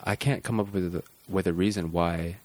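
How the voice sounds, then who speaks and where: A man hosting a casual interview, musing aloud in a relaxed way with many fillers. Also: sits low, moderate pace. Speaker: podcast host.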